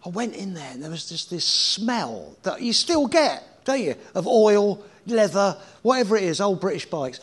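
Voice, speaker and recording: A man's voice: sits high, big pitch swings, normal speed, few pauses, slightly rough. A middle-aged man in a casual interview, telling rambling anecdotes with swearing and laughter. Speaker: guest.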